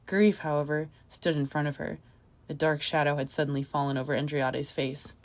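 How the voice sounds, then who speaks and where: A woman narrating a short story audiobook in a measured, even manner. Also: low-pitched.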